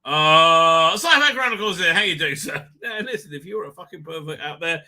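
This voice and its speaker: Sharp-voiced excitable man hosting a livestream. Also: a little high, normal speed. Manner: rambling, excitable, profane; laughs often. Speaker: livestream host. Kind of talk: casual live chat.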